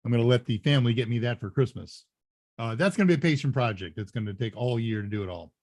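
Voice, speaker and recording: A man's voice: medium pitch, fast, darkish tone. A middle-aged man hosting a live Q&A stream, chatting casually, rambling and correcting himself, laughing now and then. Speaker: live Q&A show host.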